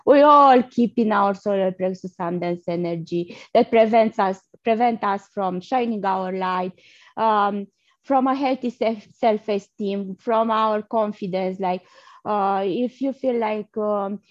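A woman leading a guided energy healing session, speaking softly and haltingly with breathy blowing sounds between phrases. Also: medium pitch, no room sound. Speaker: energy healer guest. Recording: dull lo-fi sound.

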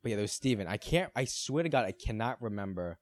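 A man's voice: fairly low pitch, lively intonation, dry recording, clean studio sound. A young man in his twenties co-hosting a podcast, telling stories with lots of laughing and swearing. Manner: laughing, swearing, fast anecdotal storytelling. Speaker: podcast co-host. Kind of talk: casual chat.

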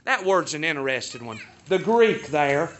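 Bright high-voiced preacher, lo-fi. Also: male voice, very animated, normal speed, a little hiss or hum. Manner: emphatic preaching, repeating words for stress. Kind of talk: sermon.

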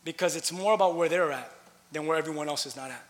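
High-voiced impassioned male preacher. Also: fast talker. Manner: impassioned, swings from loud preaching to hushed asides. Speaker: pastor. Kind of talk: sermon. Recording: long hall reverb.

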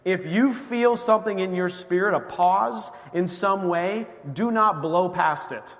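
A male pastor preaching a sermon, telling a story and acting out the dialogue with lively energy. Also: sits high, measured pace. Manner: animated storytelling, acts out dialogue. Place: church sanctuary. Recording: church hall reverb.

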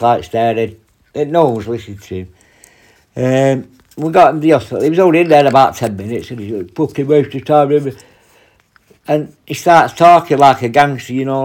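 A man's voice: medium pitch, a little mellow. A man, a prison officer, casually telling blunt, profanity-laced stories and acting out his own retorts. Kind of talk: casual anecdote storytelling.

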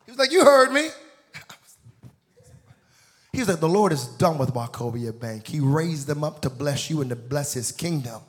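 A man in his forties preaching a sermon, telling a story with acted-out voices and building to shouted, sing-song peaks. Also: medium pitch, fairly quick, few pauses. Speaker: pastor.

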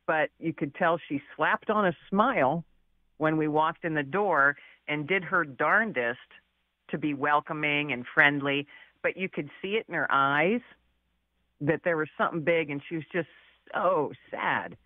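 A woman's voice: low-pitched, unhurried, no room sound, phone-quality sound. A woman guest author telling a personal story in a chatty, casual way, laughing often and using many fillers.

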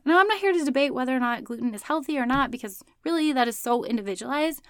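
A woman in her thirties hosts a podcast and talks straight to her listeners. Her voice sits a little high, chatty and upbeat, with frequent laughs. The sound is close and dry, with no room around it. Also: expressive, fast talker, fairly bright tone, clean tone, dry recording. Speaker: podcast host. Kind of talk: casual advice talk.

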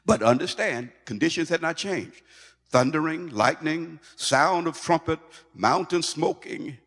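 A male pastor preaching a sermon in an animated way, stumbling over and repeating words as he goes. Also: medium pitch, a little slow. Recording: long hall reverb.

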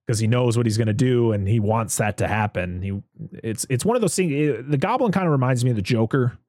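A man's voice: mid-range voice, brisk, no room sound, clean studio sound. Chatty man recapping a movie. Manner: rambling, animated, swears freely. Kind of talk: casual chat recapping a movie.

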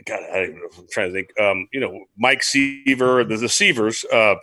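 A man's voice: on the low side, a little fast, sharp tone, dry recording. A man, a former baseball player, chatting enthusiastically and telling locker-room stories. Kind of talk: casual chat.

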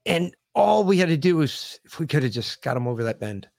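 A man co-hosting a podcast in casual talk, grieving, speaking in halting, emotional bursts with lots of profanity and restarts. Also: on the high side, sing-song, vocal fry, a little mellow, no echo, studio quality. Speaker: podcast co-host.

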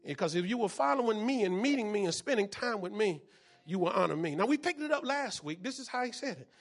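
A man preaching a sermon as pastor, often shouting and repeating phrases, calling out to the congregation for responses. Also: high voice, expressive, fast talker.

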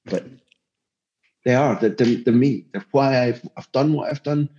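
This podcast guest, a football journalist, has a mellow mid-range voice and a measured pace. He speaks passionately and emphatically, often breaking off to restart a sentence. The recording sounds dull and lo-fi.

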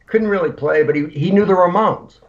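A man, a punk musician guest, telling rambling, animated stories in casual chat. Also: sits high, fairly quick. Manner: rambling, animated anecdotes with acted-out quotes. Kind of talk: casual storytelling. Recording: lo-fi podcast audio.

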